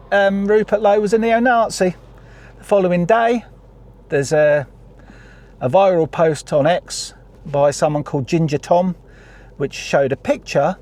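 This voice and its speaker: A man's voice: a little high, a little mellow. A man giving a heated, sweary political rant for his vlog while sitting in his car in traffic. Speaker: vlogger.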